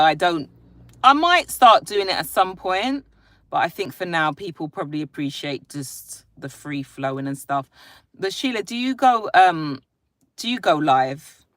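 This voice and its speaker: With a lowish, slightly bright voice, this adult woman speaks in an animated but unhurried way, free of echo. She's a parent running a casual live stream from her phone, greeting viewers by name and responding to their comments as she chats.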